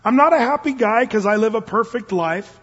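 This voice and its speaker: A man's voice: high voice, a little fast, a bit bright, slightly rough. An older man, a pastor, preaching a sermon in a casual, earnest way that rises suddenly into emphatic bursts. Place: church service. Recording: dull, long-reverb church recording.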